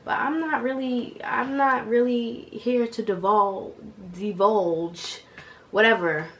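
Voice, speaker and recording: A woman's voice: fairly high pitch, slow. Brief: woman in her 20s, sick and a bit coughy, casual slangy storyteller, faint noise behind her. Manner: animated, slangy, talks straight to viewers. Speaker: vlogger.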